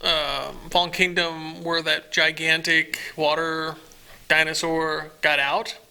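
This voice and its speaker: A man co-hosting a laid-back podcast, talking in loose, halting sentences full of restarts. His voice sits a little high and sounds very bright and forward. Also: level tone, creaky, smooth. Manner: rambling, halting with many restarts. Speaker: podcast co-host. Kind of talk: casual chat.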